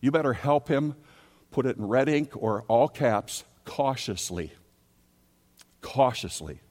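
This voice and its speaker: A man preaching a sermon as pastor, emphatic, repeating key words and swinging between loud and soft. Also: medium pitch, moderate pace. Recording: long reverb of a large hall.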